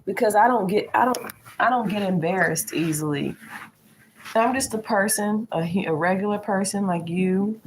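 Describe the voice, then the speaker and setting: A woman in her late thirties chatting candidly to her viewers while clearing her kitchen at home. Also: mid-range voice, moderate pace, slight background noise, poor audio. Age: 30s. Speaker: vlogger. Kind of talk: casual chat while doing chores. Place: at home in a small apartment kitchen.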